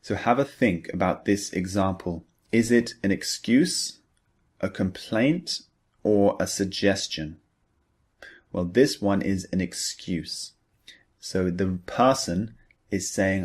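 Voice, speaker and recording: A male English teacher with a lowish voice, giving a scripted lesson. He talks slowly and patiently and checks in with the listener through questions as he goes. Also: breathy edge. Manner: measured, patient explaining with rhetorical questions.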